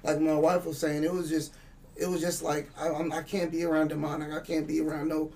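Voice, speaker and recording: A man's voice: on the high side, little pitch movement, fairly quick, a little mellow, distant mic, slight background noise. A man telling a spiritual story in casual chat, rambling and profane, acting out the dialogue. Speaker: guest.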